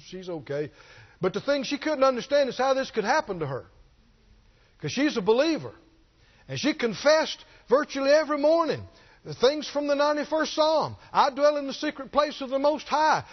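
A middle-aged man preaching a sermon, telling a story and rising to stress his key points. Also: high voice. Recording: dull lo-fi sermon recording.

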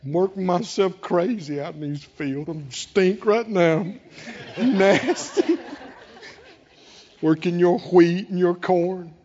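A preacher acting out a whiny, resentful older brother. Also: male voice, high-pitched, takes it slowly, a little mellow, muffled recording. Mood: whining. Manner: whiny, complaining. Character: resentful, self-pitying older brother, young man.

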